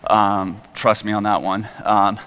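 A man's voice: lowish voice, little pitch movement, a little slow, a bit bright, clean tone. A middle-aged man giving a candid, rambling personal testimony from the stage, a bit self-deprecating. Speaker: guest speaker at church. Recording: long reverb in a large hall.

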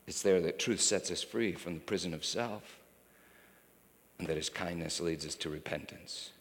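A man preaching a sermon with passion, dropping to a hush and then rising to a shout. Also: sits low, moderate pace. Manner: impassioned, swinging from hushed to shouting. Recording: reverberant hall.

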